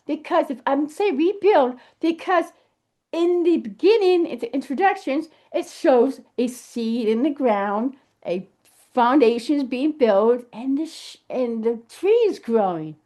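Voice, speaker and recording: A woman talking casually to camera in an animated, emphatic way, thinking aloud and restarting her sentences as she goes. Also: high-pitched. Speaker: vlogger. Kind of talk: casual rambling monologue.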